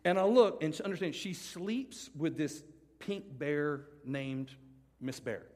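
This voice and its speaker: A middle-aged man preaching a sermon to students before a live audience. He tells a personal story with animated comic swings, then turns hushed and earnest. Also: fairly high pitch, unhurried. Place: large hall with a live audience. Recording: long hall reverb from a live venue.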